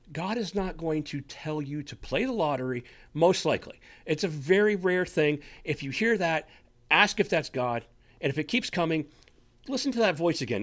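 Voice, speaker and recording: Animated man preaching to listeners. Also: fairly high pitch. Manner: animated, talks straight to listeners with frequent "okay?". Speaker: radio show host teaching on faith. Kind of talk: conversational sermon.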